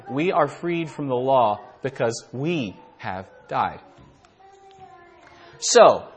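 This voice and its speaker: A man teaching a Bible lesson, reading his own fairy tale aloud in a quiet storytelling way and clearing his throat now and then. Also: fairly high pitch. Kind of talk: sermon with a read-aloud story.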